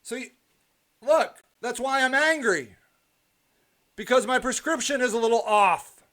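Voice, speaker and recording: On his live stream show, a man with a high voice launches into a heated, preachy monologue, repeating himself as he rants before easing into gentle rambling.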